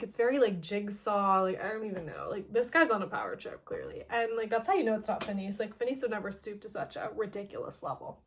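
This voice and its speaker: A woman casually recapping a story game, chatty and peppered with "like", paraphrasing characters as she goes. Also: a little high. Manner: chatty, heavy use of "like", quoting characters in quick paraphrase. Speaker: gaming video host.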